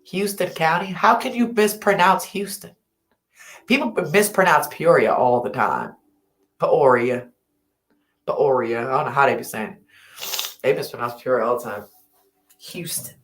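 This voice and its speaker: Late at night, a woman livestreams from home in a low-pitched voice at normal speed, chatting casually. She rambles, laughs and gets sleepy, and her laptop or phone mic picks up an echoey room.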